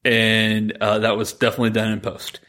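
A man co-hosting a podcast, retelling a movie plot in a rambling, animated way, quoting the characters as he goes. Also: lowish voice, brisk. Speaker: podcast co-host. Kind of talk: casual chat recapping a movie.

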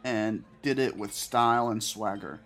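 A man's voice: on the low side, unhurried, fairly bright tone. A man playing a tabletop game, talking casually and rambling through his action. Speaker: player.

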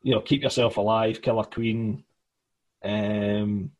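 Husky man rambling about music. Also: fairly low pitch, fairly even intonation, takes it slowly, darkish tone. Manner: rambling, many fillers and restarts. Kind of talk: casual music chat.

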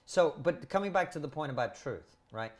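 A man's voice: fairly high pitch, expressive, brisk. A man talking as a podcast guest, firm, steering the talk back to his main point. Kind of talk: conversational argument.

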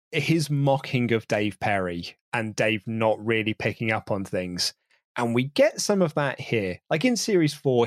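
A man's voice: mid-range voice, dry recording, studio quality. A British man in his thirties co-hosting a podcast in casual chat, laughing often. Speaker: podcast co-host.

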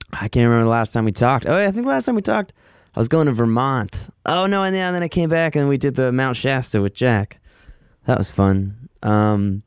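A man hosts a casual solo podcast in a clean-toned voice, recorded with clean studio sound and no room echo. He rambles loosely with lots of swearing, filler words and self-mocking asides, his pitch swinging lively throughout.

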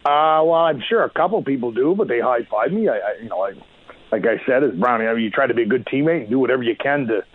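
A man calling into a radio show as a guest and telling animated stories about his hockey career, often acting out what he and others said. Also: mid-range voice, fast talker, no echo. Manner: animated, quotes himself often. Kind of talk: casual storytelling. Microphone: phone call. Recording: tinny dry phone line.

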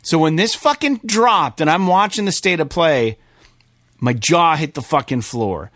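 A man co-hosting a gaming podcast, talking casually and excitedly, swearing often and rambling. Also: on the high side, measured pace, no room sound, clean studio sound. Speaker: podcast co-host.

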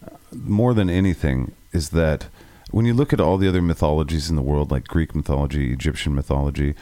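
A man's voice: rumbling low, fairly quick, mellow, dry recording. A man co-hosting a podcast and playing in a band, rambling and joking in casual chat. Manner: rambling, joking, self-deprecating. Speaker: podcast co-host, band musician.

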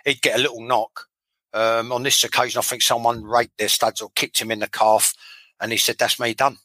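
A man's voice: mid-range voice, flat delivery, fairly quick, sharp tone, no room sound, low-quality recording. A man, a former footballer telling blunt, sweary stories in a casual interview, often repeating himself.

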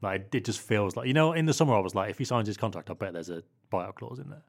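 A man talks quickly in a slightly low voice, telling football stories in a loose podcast chat. His delivery rambles, padded with "like" fillers. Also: animated, gravelly. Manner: rambling anecdotes with many "like" fillers. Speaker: football club correspondent.

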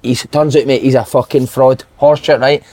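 A man, a podcast co-host and former footballer, telling a lively, swear-filled dressing-room story in casual chat. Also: mid-range voice, brisk. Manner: swearing, animated anecdote-telling with put-on voices.

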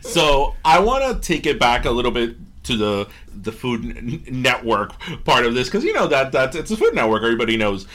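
Man, podcast co-host, playful and teasing, pitch moving a lot. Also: very animated, a little fast, fairly bright tone. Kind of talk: casual podcast chat.

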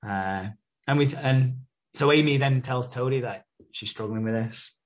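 A man chatting loosely on a podcast. He rambles through a soap recap in a mid-range voice, swearing freely and slipping into quoted lines. His talk stays relaxed and conversational throughout. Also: medium pitch, unhurried. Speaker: podcast co-host. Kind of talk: casual chat recapping a soap episode.

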